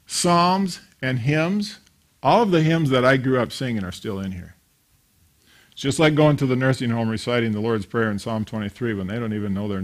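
A man in his fifties preaching a sermon, telling stories and acting out the voices of the people in them. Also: medium pitch. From grew up attending a small country church. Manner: storytelling, acts out voices in anecdotes. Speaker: pastor.

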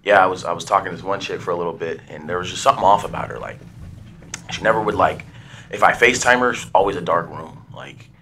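A deep-voiced man, a podcast co-host, tells a story at a quick pace over slight background noise. It's casual chat and storytelling, and he's an animated storyteller who acts out quoted voices.

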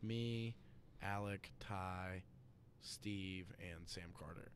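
A man's voice: low voice, fairly even intonation, extremely slow, slight background noise. A man in his twenties, a podcast guest, telling a story in casual chat with frequent laughs and swearing.

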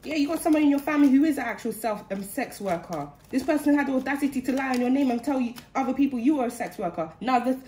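A woman's voice: high-pitched, darkish tone, a little hiss or hum. A woman giving a channeled spiritual reading in an indignant, heated way, repeating phrases for emphasis. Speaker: spiritual card reader. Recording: roomy echo.

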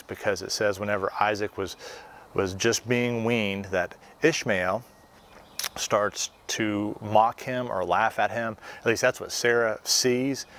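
A man, an associate pastor, giving a devotional sermon in an earnest, encouraging way, with filler pauses between thoughts. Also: lowish voice, a bit bright.

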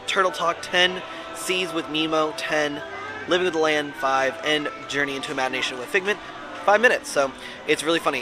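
A man's voice: a little high, rough recording. A man casually vlogging outdoors at a theme park, chatty and rambling.

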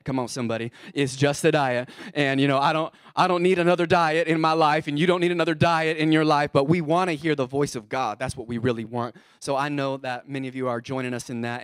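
A man's voice: on the high side, a bit bright, no room sound, studio quality. A man preaching as the pastor of his church, fired up and calling out to the congregation. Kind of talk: energetic sermon.

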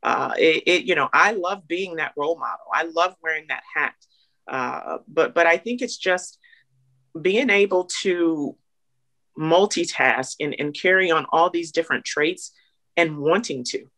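A woman's voice: low-pitched, expressive, a little slow, a bit bright. A woman basketball coach speaking as a webinar guest, confidently listing points with emphasis. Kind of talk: webinar conversation. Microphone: video call.

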